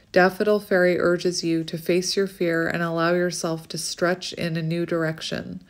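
A woman doing a casual oracle card reading, gushing softly over cards and reading their text aloud. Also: on the low side. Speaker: tarot reader.

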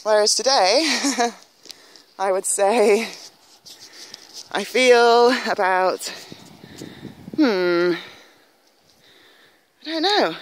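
A woman from northern England chats to her handheld camera as she walks outdoors. She rambles from thought to thought and laughs often. Her voice sits at an ordinary middle pitch. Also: animated, drawn-out words, long pauses, a little hiss or hum. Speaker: vlogger. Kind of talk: casual walking vlog. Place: outdoors on a countryside walk. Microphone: handheld camera filming herself.

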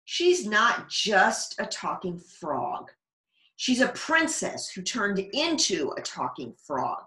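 A woman's voice: mid-range voice, big pitch swings, sharp tone, full character voice. A woman voicing a stubborn, secretive young boy in a storybook reading. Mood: insistent. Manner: insistent, slow and stubborn. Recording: echoey room.

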